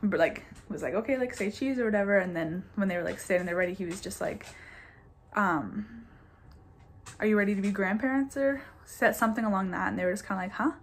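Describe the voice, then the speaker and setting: A woman in her twenties casually telling a personal story to her camera, peppering it with "like" and quick laughs. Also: mid-range voice, lively intonation, slight background noise. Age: 20s. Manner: chatty, says "like" constantly, laughs between bits. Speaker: vlogger.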